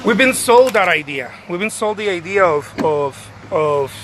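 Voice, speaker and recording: A man's voice: sits high, expressive, normal speed, few pauses, noisy background. A man, a painter, giving emphatic career advice in a casual livestream, repeating his phrases and calling the listener dude.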